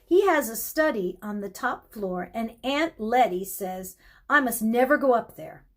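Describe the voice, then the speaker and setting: A woman reading aloud, voicing a miserable, excitable young boy in an audiobook, speaking in agitated, near-tearful outbursts. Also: on the high side, unhurried. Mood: wound up.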